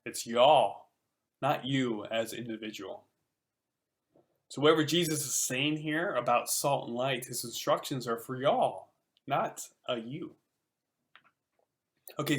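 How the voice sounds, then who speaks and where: A man's voice: mid-range voice, unhurried, pauses often, a little hiss or hum. A male pastor giving a conversational sermon, explaining a Bible passage with casual asides.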